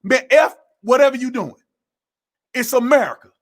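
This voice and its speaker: A man's voice: extremely high pitch, lively intonation, moderate pace. A man giving a heated, combative political rant to camera, blunt and slangy, repeating phrases for emphasis. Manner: slangy, informal speech. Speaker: political commentator.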